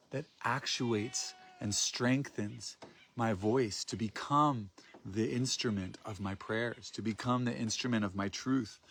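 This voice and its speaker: A man with a slightly low, gravelly voice leads a guided prayer and vocal practice. He speaks in a soft, loving, grounded tone. He draws out his phrases as he invites listeners in. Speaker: spiritual workshop facilitator.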